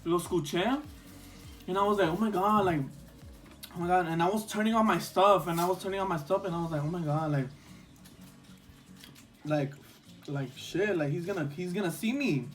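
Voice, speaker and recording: Young guy with a high voice just rambling a storytime, tons of "like", faint music behind. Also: moderate pace, long pauses. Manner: rambling, lots of "like" and restarts, slips into Spanish. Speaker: vlogger. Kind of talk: casual storytime chat while eating.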